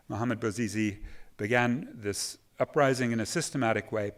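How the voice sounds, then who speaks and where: A man speaking on a conference panel into a microphone, emphatic and quoting sources at length. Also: lowish voice. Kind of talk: conference talk. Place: conference hall. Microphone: microphone at a podium.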